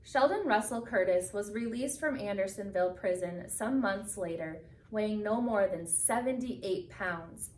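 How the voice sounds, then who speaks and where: A woman reading a picture book aloud with expressive storytelling, slowing down for the solemn moments. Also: mid-range voice. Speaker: reader. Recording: echoey room from a distance.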